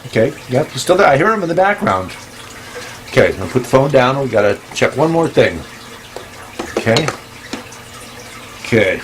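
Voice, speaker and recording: A man hosting a casual comedy show, talking in a hesitant, playful deadpan full of ums and restarts, with sudden high-pitched exclamations. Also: normal speed, long pauses, a little hiss or hum. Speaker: host. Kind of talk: casual rambling comedy monologue.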